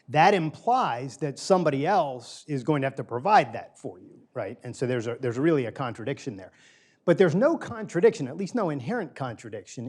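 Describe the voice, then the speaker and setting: A man's voice: medium pitch, a little mellow. A middle-aged man giving a conversational lecture to a small group, polling the audience and repeating key phrases for emphasis. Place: small room with a live audience.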